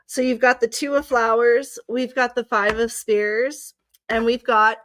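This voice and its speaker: A woman's voice: on the high side, moderate pace, a bit bright. A woman from Southern California giving a casual, chatty tarot reading, often breaking into laughter. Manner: giggly, chatty, frequent laughter. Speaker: psychic reader.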